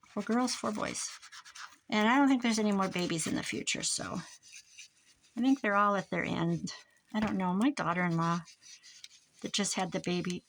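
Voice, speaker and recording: An American grandmother in her later years chats and rambles through a crafting vlog, talking as she works. Her mid-range voice has vocal fry, with slight background noise behind it.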